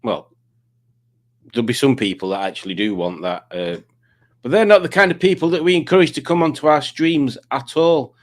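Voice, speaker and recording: A man's voice: mid-range voice, animated, moderate pace. A man hosting a live quiz stream, rambling casually and reading out viewer comments. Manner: rambling, reads out chat comments.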